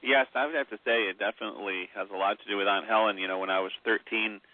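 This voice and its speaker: A man's voice: on the low side, steady tone, quick pace, dry recording. A man, an author guest on a phone-in radio interview, telling long rambling stories with many fillers. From Mi'kmaq heritage. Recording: tinny phone line.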